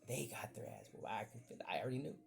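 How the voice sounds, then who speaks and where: Gravelly man telling a rambling story. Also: mid-range voice, fast talker, soft background music. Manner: rambling, animated, acts out voices in quotes. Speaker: podcast host. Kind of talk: casual storytelling.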